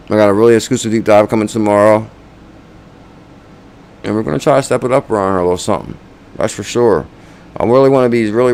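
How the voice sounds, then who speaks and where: A man's voice: lowish voice, a little mellow, clean tone. A man hosting a crypto channel, chatting loosely with viewers, counting down names and urging likes and comments. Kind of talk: casual livestream chat.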